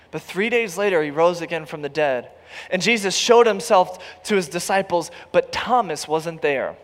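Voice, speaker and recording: Animated preaching man in a hall. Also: high voice. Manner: animated storytelling, acts out voices, rises to near shouts. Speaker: pastor. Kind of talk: sermon.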